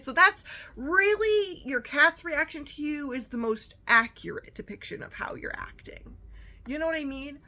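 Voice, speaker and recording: Woman podcast host, rambling solo chat, sassy, caffeinated, sharp bright tone. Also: high-pitched. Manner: rambling, sassy, lots of fillers. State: amped up on coffee.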